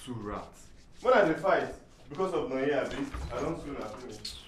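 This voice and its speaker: A man plays an exasperated young flatmate with a Nigerian accent, scolding and mocking. His voice rises and falls in a lively way, recorded in an echoey room. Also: mid-range voice, normal speed, natural voice. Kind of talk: sitcom acting.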